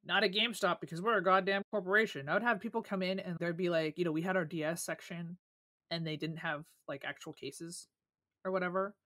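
A young podcast co-host telling stories in casual chat, animated and swearing a lot. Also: mid-range voice, brisk, dry recording, studio quality.

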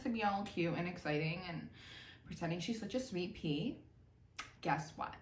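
A young woman telling a personal story in a storytime vlog, animated and sarcastic. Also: fairly low pitch, measured pace. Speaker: vlogger. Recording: roomy echo, distant mic, faint noise.

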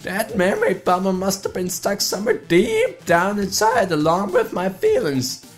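A man's voice: high-pitched, huge pitch swings, measured pace, soft background music, pitched above the performer's own voice, exaggerated voice. A man voicing a folksy, doddering elderly blobfish in a game playthrough. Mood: flirty.

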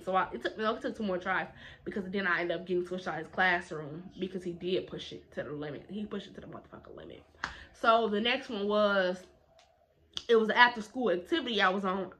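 Bright, animated woman telling a story. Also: mid-range voice. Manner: animated, blunt and profane, with repeated phrases. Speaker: storytime vlogger. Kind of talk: casual storytelling to camera.

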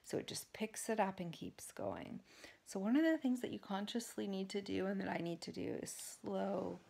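A woman wellness coach giving an instructional talk to camera, often dropping into soft, slow whispers to show calm speech. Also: medium pitch, vocal fry.

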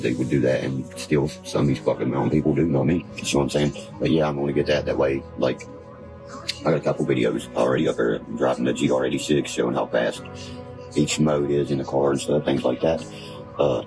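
A man's voice: rumbling low, gravelly. A man on a casual livestream, rambling and swearing, who keeps asking "you see what I mean". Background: background music.

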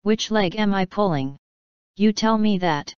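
A woman's voice: mid-range voice, measured pace, clean tone, dry recording, lo-fi sound, natural voice. A woman reading the part of a boastful, teasing male centipede who crows and grins at everyone. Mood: gleeful boasting. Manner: loud, crowing, teasing.

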